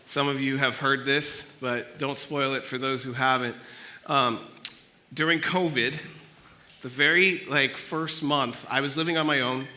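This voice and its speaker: A young man from Los Angeles speaking at a student church gathering, telling a personal story in a casual, animated way and acting out what people said. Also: medium pitch, measured pace. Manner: casual, animated storytelling that acts out quoted voices. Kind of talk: storytelling sermon.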